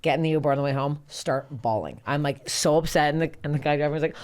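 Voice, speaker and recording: A woman's voice: low-pitched, clean tone. A woman in her thirties hosting a comedy podcast, telling rambling stories between bursts of laughter. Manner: fast, rambling, laughing storyteller. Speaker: podcast host. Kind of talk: casual comedy podcast chat.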